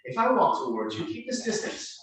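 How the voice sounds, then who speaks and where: A somewhat high-voiced man coaches a student through a drill, repeating short reassuring cues. He is picked up from across a very echoey room, a little distant from the mic. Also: sing-song, brisk, a bit bright, slight background noise. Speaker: self-defense instructor. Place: martial arts gym.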